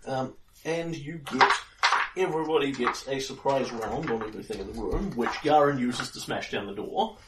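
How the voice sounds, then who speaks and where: A man running a tabletop game as game master, quick to chat and direct players. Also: mid-range voice. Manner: animated, quick asides to players. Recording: echoey room, mic far off, faint hiss.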